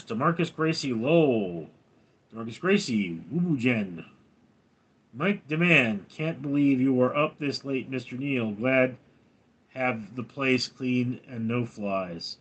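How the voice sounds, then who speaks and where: An older man hosts a casual livestream, reading comments aloud one by one. He talks slowly and dryly, with a deadpan edge. His pitch rises and falls a lot as he answers. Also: husky. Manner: reads viewer comments aloud, dry and deadpan. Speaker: livestream host reading chat.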